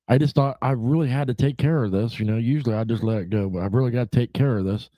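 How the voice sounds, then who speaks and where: A man's voice: medium pitch, fast, dark tone, dry recording. A man hosting a casual livestream chat show, rambling and laid-back, swearing freely, with lots of "you know" fillers. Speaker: podcast host.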